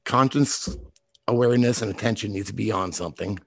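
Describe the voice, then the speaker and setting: A man's voice: fairly low pitch, a little fast, no echo. A man from Boston who grew up in the South, telling stories in casual, profane podcast chat. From Boston, raised in the US South from age eleven. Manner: profane, laughing storyteller who talks in restarts. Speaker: guest, video maker.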